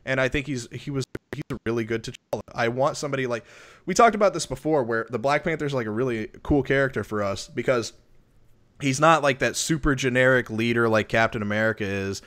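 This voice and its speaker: A man with a wife and kids, co-hosting a podcast and reviewing a film in loose, rambling casual chat that gets animated when he tells a story. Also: medium pitch, brisk. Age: adult with a wife and kids. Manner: rambling, lots of restarts and fillers; animated when retelling stories. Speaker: podcast co-host.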